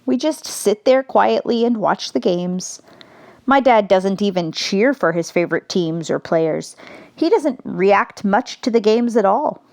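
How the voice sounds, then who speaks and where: A woman reads a novel aloud in a slow, measured first-person narration. Her voice sits at a middle pitch and she takes her time with each line. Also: animated, a little mellow. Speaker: audiobook narrator. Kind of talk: audiobook narration.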